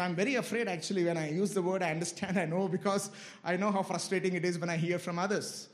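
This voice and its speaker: A man preaching a sermon with great passion, swinging between loud, high exclamations and low, quiet asides, often telling listeners to listen carefully. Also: fairly even intonation, fast.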